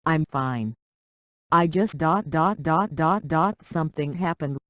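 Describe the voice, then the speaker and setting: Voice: mid-range voice, slow pace, a bit bright, dry recording. A synthetic voice reading a guarded grieving teenage girl. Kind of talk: dialogue story read aloud.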